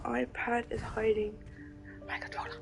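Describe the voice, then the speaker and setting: A woman's voice: fairly high pitch, flat delivery, moderate pace, vocal fry. A woman streaming a game live, chatting and giggling as she talks to herself. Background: faint game music.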